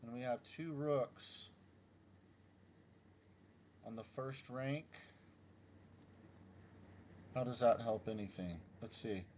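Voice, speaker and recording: Working through chess puzzles for his YouTube channel, this middle-aged man talks to himself in slow, unhurried, casual commentary. His pitch is ordinary and his tone a little mellow as he mutters moves one by one and mocks his own blunders with wry humor. A faint hiss or hum sits under the recording.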